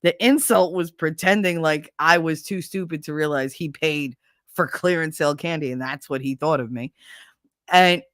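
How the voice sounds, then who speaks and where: A middle-aged woman hosting a casual show, telling a story in a lively way, with plenty of swearing, and putting on the voices of the people in it. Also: deep voice, moderate pace, no echo, studio quality. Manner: animated, swearing, acts out voices in retelling. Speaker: host.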